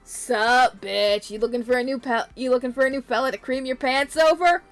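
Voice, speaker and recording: Woman doing a cocky crude angel dude, loud swaggering trash talk, kinda high. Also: steady tone, moderate pace, soft background music. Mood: cocky taunting. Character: brash crude cocky male angel bully.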